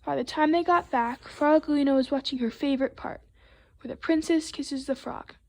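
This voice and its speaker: A woman reading a picture book aloud to children, expressive and playful with the sound words. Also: sits high, normal speed. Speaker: storytime reader.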